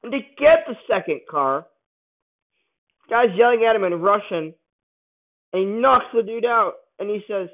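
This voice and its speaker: A man angrily ranting through a movie review, swearing often and bursting out loudly now and then. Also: high voice, lively intonation, moderate pace, pauses often. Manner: angry, profane ranting with sudden loud outbursts. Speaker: film reviewer. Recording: tinny phone-like sound.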